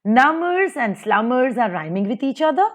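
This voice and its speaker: A woman teacher with an Indian English accent, lecturing over slides with a sing-song, stressed delivery and slow recitations of verse. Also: a little high, very animated.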